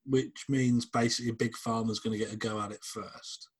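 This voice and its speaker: A man's voice: lowish voice, flat delivery, moderate pace, breathy edge. A man co-hosting a podcast, teasing his partner in blunt, sweary banter. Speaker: podcast co-host. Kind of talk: casual chat.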